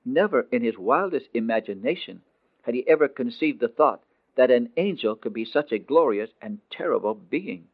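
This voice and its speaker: A man with a medium-pitched voice narrates a dramatic story in a scripted, expressive style, slowing down on the emotional phrases. The recording is dry and tinny, like a phone.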